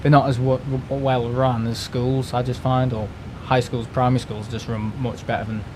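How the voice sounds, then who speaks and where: A man's voice: medium pitch, little pitch movement, moderate pace, background noise. Rambling man venting on a stream. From United Kingdom. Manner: rambling, restarts words, swears, exasperated. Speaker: live streamer. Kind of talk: casual ranting chat.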